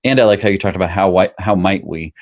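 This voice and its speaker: A man with a very deep voice hosts an interview over a video call. He is warmly affirming and sums up his guest's ideas in a steady way. His voice is dry and close, with no room sound. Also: fast, no echo. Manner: affirming, recaps the guest's points thoughtfully. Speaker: podcast host, physician. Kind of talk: casual interview conversation.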